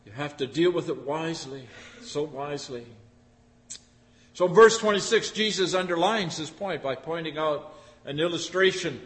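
A man's voice: on the high side, normal speed, fairly bright tone, in a large hall. A man preaching a sermon in a folksy, chatty way, asking rhetorical tag questions of his listeners.

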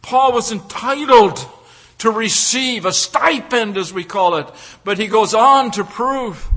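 Male preacher, high bright voice, emphatic sermon delivery that drops to a hush, stumbles and repeats words. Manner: emphatic, swings from loud declaring to hushed pleading; repeats and restarts words mid-phrase.

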